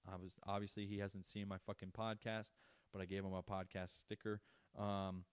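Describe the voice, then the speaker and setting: Brief: young male podcaster, low voice, dry close sound, swears a lot while ranting through a story. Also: normal speed, clean tone, no room sound. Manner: profane, ranting, animated. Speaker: podcast host. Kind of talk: casual storytelling monologue.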